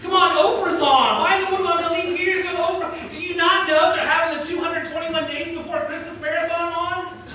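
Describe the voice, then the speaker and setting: A man's voice: very high-pitched, fairly even intonation, brisk, bright, forceful tone, voice pushed up. A man voicing a grumpy, reluctant paralyzed man who refuses to leave his house. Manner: whiny, reluctant. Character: stubborn homebound male paralytic, grumpy. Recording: echoey church hall from far off.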